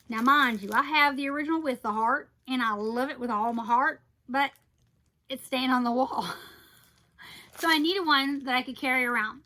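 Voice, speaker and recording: A woman chatting through a casual product review vlog, gushing about her collection with playful asides and quick self-corrections. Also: high voice, sharp tone, a little hiss or hum, poor audio.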